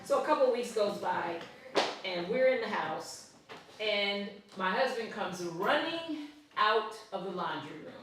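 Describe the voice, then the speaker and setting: A woman's voice: mid-range voice, lively intonation, a little slow, a bit bright, a little hiss or hum. A woman leading a live workshop, telling a story in a chatty way, laughing often and checking in with her audience. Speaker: workshop leader and ministry founder. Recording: echoey room, voice from far off.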